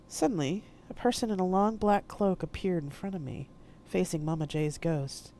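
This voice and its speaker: A woman reading her own novel aloud in steady first-person narration. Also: fairly low pitch, normal speed, few pauses. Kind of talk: live-streamed audiobook reading.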